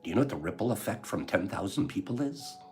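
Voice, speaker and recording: An older man hosts a casual livestream in a low voice that swings widely in pitch. He is heartfelt and emotional, laughing often and rambling warmly to his audience. Faint music plays behind him. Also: animated, quick pace. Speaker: livestream host. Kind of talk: casual livestream chat to viewers.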